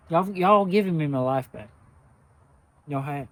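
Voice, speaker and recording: A man's voice: fairly high pitch, unhurried, long pauses, a bit bright. An older man, hosting a knife channel, talking to his viewers in a heartfelt, humble, emotional way and repeating himself often. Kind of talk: casual heartfelt talk to viewers.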